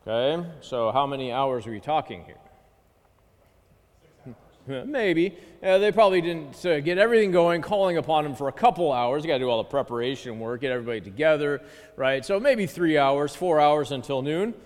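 Male pastor, conversational sermon, fairly high voice, long hall reverb. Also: lively intonation, fairly quick. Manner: conversational, frequent "okay" and "right".

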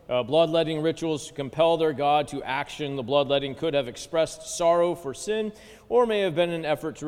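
A man's voice: mid-range voice, clean tone. A male pastor giving a conversational sermon, often checking in with "okay" and "right". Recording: long hall reverb.

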